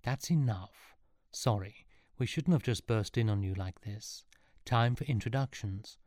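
A man voicing a kind but bossy girl who takes charge, firm yet gentle. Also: lowish voice, unhurried, dry recording, studio quality, lightly acted.

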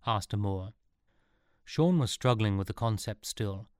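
A man narrating a storybook in a steady, even reading voice. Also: on the low side, unhurried, clear, resonant tone, no room sound, clean studio sound.

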